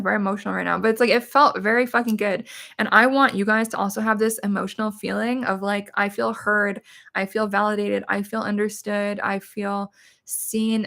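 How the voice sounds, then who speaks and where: A woman's voice: mid-range voice, creaky, fairly bright tone. A middle-aged woman hosting a casual livestream, talking candidly and emphatically and swearing freely. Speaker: livestream host, witch and medium.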